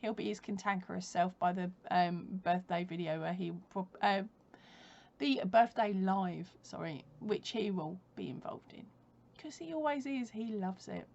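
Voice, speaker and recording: A woman's voice: mid-range voice, a little slow, creaky, darkish tone, lo-fi sound. A woman chatting casually at home for her crochet vlog, rambling, laughing often and correcting herself as she goes. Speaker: crochet vlogger. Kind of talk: casual chat.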